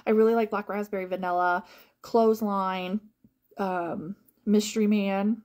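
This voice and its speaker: A woman chats casually with her viewers as a home-fragrance consultant. Her voice sits at a middle pitch, and she talks in an animated, rambling way, full of fillers and phrases said twice over. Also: measured pace. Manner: chatty and animated, rambling with many fillers and repeats. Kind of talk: casual live-stream chat to viewers.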